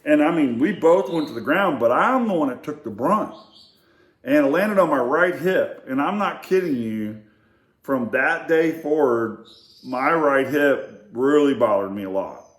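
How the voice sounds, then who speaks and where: An older man casually telling family stories, in a rambling, halting way with many fillers and restarts. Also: a little high, lively intonation. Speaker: storyteller. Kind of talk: casual storytelling. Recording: echoey room.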